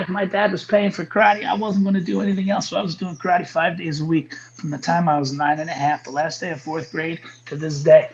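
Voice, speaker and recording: A man in his late forties, a guest telling his martial arts stories in a lively, repetitive way. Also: high-pitched, lo-fi sound. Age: 40s. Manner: animated storyteller, repeats phrases for emphasis. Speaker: guest, karate instructor. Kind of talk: casual interview chat.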